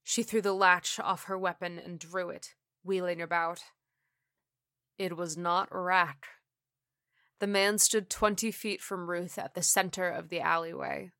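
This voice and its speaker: A woman reads a horror story with slow, deliberate pacing. Her voice is bright and sits a little low, recorded dry and close with no room around it. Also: no echo. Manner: measured, deliberate reading. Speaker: narrator. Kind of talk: scripted horror story narration.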